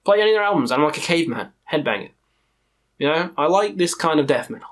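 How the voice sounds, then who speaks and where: A man with a worn, hoarse throat rattles through a ranking of his favourite metal bands. He is loose, profane and openly enthusiastic, trailing off and circling back the way he would with a friend. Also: a little high, sing-song, quick pace. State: tired, strained throat. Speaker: metal music reviewer. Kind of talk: casual ranking vlog.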